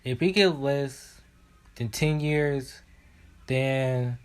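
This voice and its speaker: A man reacts to a video in casual commentary, talking back at the screen with indignation and frequent fillers. He speaks slowly, with a mid-range pitch. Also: clear, resonant tone.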